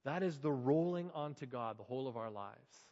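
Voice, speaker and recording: A man's voice: mid-range voice, lively intonation, moderate pace, darkish tone, big-room sound, lo-fi sound. A man preaching a sermon as a pastor, impassioned and acting out the quoted voices.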